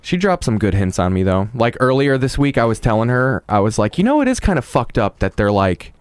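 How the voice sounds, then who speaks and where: A man guesting on a podcast, telling stories in casual chat with an animated manner and plenty of casual swearing. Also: mid-range voice, brisk, clean tone, dry recording, studio quality.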